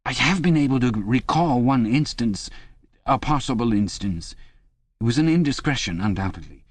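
A dreamy, pedantic middle-aged poet, locked up and bewildered, as a male audiobook narrator puts him on. His voice rides higher than the narration and stretches words out fussily. The sound is dry and close. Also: animated, dry recording, natural voice. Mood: indignant pedantry. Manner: vague, fussy, rising higher voice, drawn-out words.

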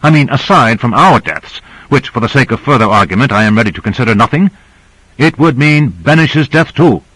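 A man's voice: medium pitch, animated, fairly quick, a bit bright, breathy edge, no room sound, voice pushed up, poor audio. A man reading the part of a stern, argumentative male scientist in an audiobook. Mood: insistent. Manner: pressing, argumentative.

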